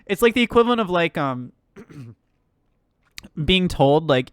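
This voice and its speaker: A woman's voice: fairly low pitch, very animated, a little slow, long pauses, smooth, no echo, clean studio sound. A woman streamer ranting about the news in casual live commentary, swearing, laughing and filling her talk with "like".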